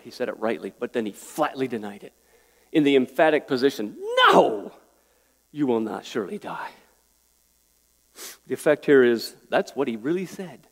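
A man's voice: mid-range voice, darkish tone. A pastor preaching an earnest, pleading sermon, a man who often restarts his words. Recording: echoey hall with long reverb.

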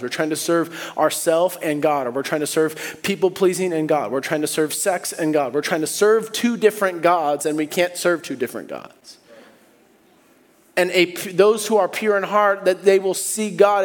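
Male pastor, high voice, animated sermon delivery, echoing sanctuary. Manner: animated, swings from hushed to loud and high when acting out people. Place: church sanctuary. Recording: long hall reverb.

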